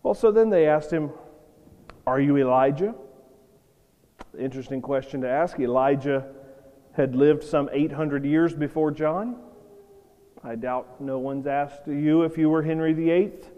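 A man's voice: fairly high pitch, normal speed, dull audio. A man preaching a sermon in a conversational, storytelling way with emphatic points. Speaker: pastor. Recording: long reverb of a hall.

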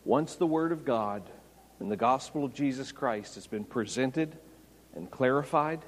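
A man preaching an expository sermon, rising to loud, emphatic peaks. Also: medium pitch. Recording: long hall reverb.

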